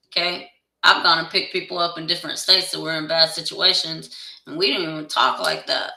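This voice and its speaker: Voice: mid-range voice, fairly even intonation, brisk, gravelly, sharp tone, far from the mic. A tarot reader in a blunt, profane, heated casual rant to camera. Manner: heated, insistent. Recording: echoey room, voice away from the mic.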